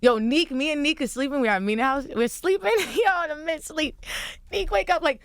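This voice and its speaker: Her voice is high and brisk, captured cleanly on a studio mic with no echo. Appearing as a guest on a radio show, this young woman spins a lively, casual story, voicing the quotes of others as she goes.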